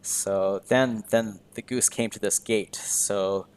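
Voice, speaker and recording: A man's voice: lowish voice, steady tone, takes it slowly. A man teaching English to beginners, talking through a video game in simple, repeated phrases. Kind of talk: slow teaching commentary over gameplay.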